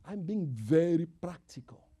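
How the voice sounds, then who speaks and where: Husky man preaching, loud to whispering. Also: fairly high pitch, sing-song, unhurried. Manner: swings from loud emphatic calls to hushed whispers; non-native English phrasing, repeats for emphasis. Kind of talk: sermon.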